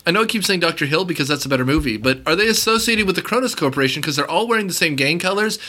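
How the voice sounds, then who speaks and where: A man with a fairly high, bright voice that swings up and down a great deal as he riffs. He talks like a podcast host picking apart a bad movie, sarcastic and rambling, restarting his sentences often. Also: expressive, rapid-fire. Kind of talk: casual movie-review podcast chat.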